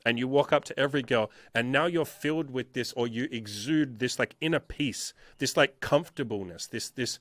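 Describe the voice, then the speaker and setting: Guy dating coach talking it out, bright forceful voice, repeats himself a lot, swears, dry close mic. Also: medium pitch, normal speed, few pauses, no echo. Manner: emphatic and repetitive, frequent swearing. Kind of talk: casual interview talk.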